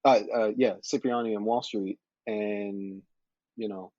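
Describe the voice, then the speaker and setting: A man who is a podcast guest, telling stories in a casual chat, animated and laughing as he acts out the people in them. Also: on the low side, unhurried, no echo, dull audio. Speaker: podcast guest, model and actor.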